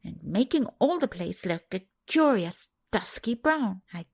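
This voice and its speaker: A proud miner boy speaks in a blunt, sulky, offended way, as a woman puts him on. His voice has a gravelly edge and rises and falls widely. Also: mid-range voice, very animated, measured pace, exaggerated voice.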